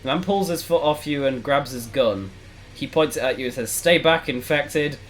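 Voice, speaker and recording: A man streaming a text adventure game, reading it aloud and reacting with sudden loud outbursts. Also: mid-range voice, brisk. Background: faint background music.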